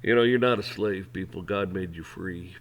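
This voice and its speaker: A man's voice: low-pitched, moderate pace. A man hosting an opinion show, ranting in a blunt, heated, profane way. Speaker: host. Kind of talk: opinion rant.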